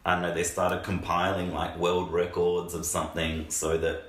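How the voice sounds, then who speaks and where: A man's voice: low-pitched, completely flat delivery, moderate pace, a bit bright. A young man co-hosting a podcast among friends, rambling through stories with many restarts and fillers. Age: young adult. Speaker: podcast co-host. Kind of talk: casual banter. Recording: echoey room with faint hiss.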